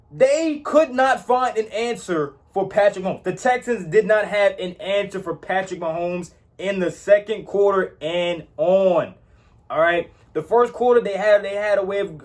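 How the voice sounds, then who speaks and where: A man giving casual football opinions, emphatic and repetitive, often tagging "all right?" onto his points. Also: sits high. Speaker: sports commentator. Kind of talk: casual sports opinion talk.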